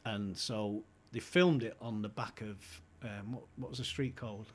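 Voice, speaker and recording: A man, an animated storyteller who laughs between lines while chatting on a podcast. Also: on the low side, moderate pace, slightly rough. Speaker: podcast guest. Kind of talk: casual chat.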